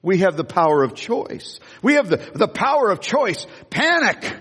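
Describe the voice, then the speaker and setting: A male pastor preaching a sermon through a personal story, talking in an animated way, with many restarts and acted-out voices. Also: sits high, normal speed, husky, in a large hall.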